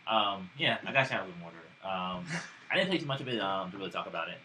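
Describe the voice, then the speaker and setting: Man, very low pitch, rambling casual chat, podcast co-host, noisy recording. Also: lively intonation, fast, sharp tone. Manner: rambling, lots of ums and likes. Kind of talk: casual chat about video games. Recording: noisy live room.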